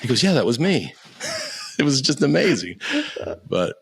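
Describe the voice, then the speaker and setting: An American man in his fifties, a podcast guest telling profane, animated stories with frequent restarts. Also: mid-range voice, normal speed, creaky, slightly rough. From United States. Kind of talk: casual storytelling.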